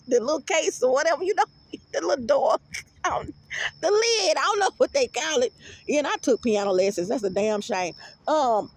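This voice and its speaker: Middle-aged woman vlogger, high and animated, rambling and profane, laughs a lot. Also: no echo. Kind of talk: casual storytelling to viewers.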